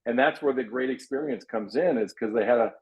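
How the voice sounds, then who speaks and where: A man coaching real estate agents in an earnest, emphatic way, restarting his sentences often and acting out lines of client dialogue. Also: brisk. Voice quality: low voice, frequent repeated restarts. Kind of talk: coaching talk. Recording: dull lo-fi audio.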